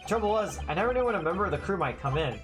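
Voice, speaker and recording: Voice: mid-range voice, animated, rapid-fire, natural voice. A streamer reading lines for an earnest, polite young man in a story game, with game music behind.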